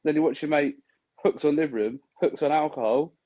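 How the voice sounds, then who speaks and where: A man's voice: on the high side, normal speed, dark tone, muffled recording. A man in casual podcast chat, blunt and swearing freely, telling stories and acting out what others said. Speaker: podcast co-host.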